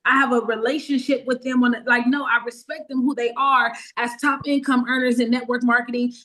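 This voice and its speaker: High-pitched woman in her 30s sharing her story, animated, repeats words a lot, acts out what she said back then. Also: fairly quick. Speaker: network marketing team member giving a testimonial. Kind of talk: emotional personal testimony on a group call.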